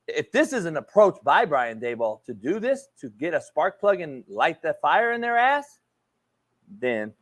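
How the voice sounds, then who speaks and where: A man's voice: sits high, a bit bright. A man hosting a sports talk show, ranting profanely and calling people homie. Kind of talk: heated sports debate.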